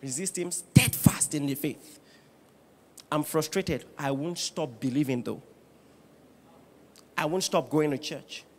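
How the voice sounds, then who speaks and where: A man preaching a sermon as pastor, firing rhetorical questions at the congregation and building to shouts. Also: fairly high pitch, slow pace, long pauses. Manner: animated preaching with rising shouts and bursts of laughter.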